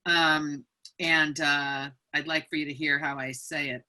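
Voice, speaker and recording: A woman's voice: low voice, unhurried. A woman author speaking as a guest over a video call, animatedly telling a story and reading from her book. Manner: animated, acts out other people's voices.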